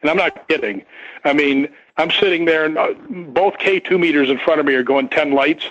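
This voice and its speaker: A man's voice: fairly high pitch, moderate pace, fairly bright tone. An older man, a guest on a radio talk show, telling a long story in a rambling way with many restarts and repeated words. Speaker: guest, stunt performer. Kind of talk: casual radio interview storytelling. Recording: dull lo-fi radio sound.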